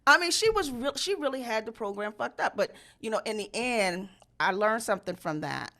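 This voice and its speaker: Bright sharp-voiced woman telling a crazy story, lots of swearing, loud high voices when she quotes folks. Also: lively intonation, moderate pace, creaky. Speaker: storyteller host. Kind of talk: casual storytelling chat.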